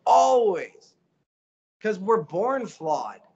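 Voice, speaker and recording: Man, middle-aged, slightly high voice, animated, motivational guest chat. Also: drawn-out words, creaky, slightly rough, muffled recording. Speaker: voice actor guest. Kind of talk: casual interview chat.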